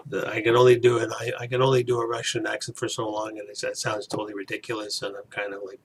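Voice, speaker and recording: Brief: fifties guy, husky low voice, chatty meandering reviewer. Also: little pitch movement, quick pace, fairly bright tone. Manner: rambling, digressive, self-correcting. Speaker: movie reviewer. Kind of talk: casual spoken review.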